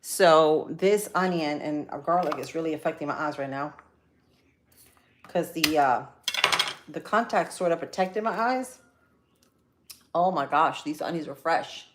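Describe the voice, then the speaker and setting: A woman's voice: low-pitched, unhurried, long pauses, a little hiss or hum. A middle-aged woman chatting casually to viewers while cooking in her home kitchen. She rambles with lots of fillers and asides. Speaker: cooking vlogger on a live stream.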